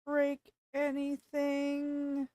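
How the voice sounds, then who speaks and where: High-voiced flustered woman streamer. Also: extremely slow, background noise. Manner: flustered and panicky, apologizing, breaking into excited greetings. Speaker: VTuber streamer. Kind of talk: casual livestream chat.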